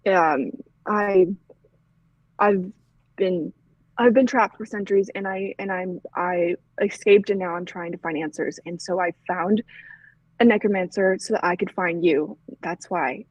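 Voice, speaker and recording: A woman playing an earnest young man who reassures a friend in halting speech full of restarts, on a dull, dry lo-fi mic. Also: high voice, no echo.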